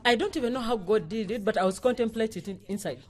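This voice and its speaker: A young woman, telling a personal story on a podcast in a lively way, laughing and acting out the people she quotes. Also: a little high, racing, faint music behind. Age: young adult. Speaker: podcast co-host. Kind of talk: casual storytelling chat.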